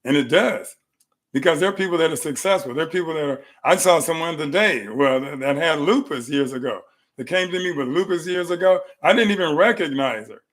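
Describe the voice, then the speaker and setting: A middle-aged man hosts a live health talk from his clinic room, his voice sitting a little high for a man. He tells animated stories and repeats phrases to drive his points home. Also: brisk.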